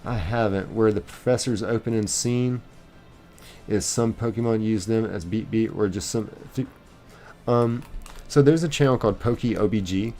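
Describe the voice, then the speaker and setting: Low-voiced man streaming casually. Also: moderate pace, dark tone, soft background music. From United States. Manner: reads viewer comments aloud, rambling with many fillers. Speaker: live-stream host. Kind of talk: casual live-stream chat.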